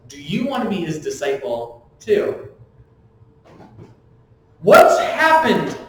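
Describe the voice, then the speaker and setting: A high-pitched male pastor preaches in a church sanctuary, his voice set back from the mic and ringing off the walls. He mixes jokes into the message and takes on the voices of the people in his story, now and then half-shouting. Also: very echoey, far from the mic, a little hiss or hum, poor audio. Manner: animated and joking, voices the speakers in the story. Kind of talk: sermon.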